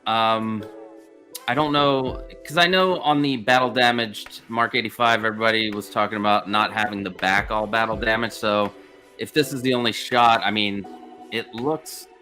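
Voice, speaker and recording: A man's voice: on the low side, moderate pace, sharp tone, soft background music. A man chatting casually as a guest on a livestream, laid-back and jokey. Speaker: guest panelist. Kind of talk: casual chat.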